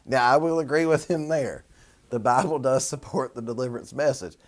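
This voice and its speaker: Sex: man. Role: minister and show host. Style: wry, rambling commentary. Pitch: middle. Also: fairly quick. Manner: wry, chatty, sardonic, rambling asides. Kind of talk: commentary on a news article.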